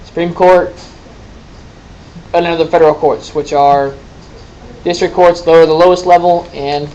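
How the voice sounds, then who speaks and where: A male teacher lectures to a classroom in a slightly high voice, talking casually and throwing questions at his students. A faint rumble hums under the recording. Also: steady tone, moderate pace, dark tone, lo-fi sound. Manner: conversational, quizzing students, folksy asides.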